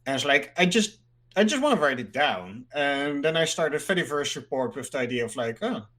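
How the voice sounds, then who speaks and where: A man's voice: a little high, sing-song, moderate pace, fairly bright tone. A man from the Netherlands, a guest in a casual interview, rambling and filling his talk with "like.". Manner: rambling, fills speech with "like", laughs easily.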